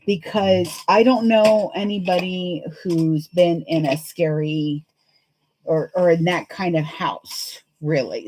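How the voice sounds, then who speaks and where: A woman's voice: on the low side, noisy background. A woman chatting in a rambling, laughing way as she hosts a live sewing stream. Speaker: sewing livestream host. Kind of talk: casual chat while sewing live.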